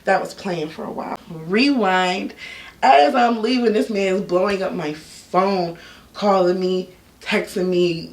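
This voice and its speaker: A young woman telling a personal story in a casual, candid vlog, full of slang and animated asides. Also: on the low side, slow pace. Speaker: YouTube storyteller. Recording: echoey room, a bit off-mic.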